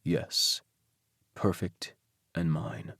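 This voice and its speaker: A male audiobook narrator voicing a tender, protective husband, speaking softly. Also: little pitch movement, drawn-out words, dry recording, clean studio sound, full character voice. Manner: soft, low, murmuring.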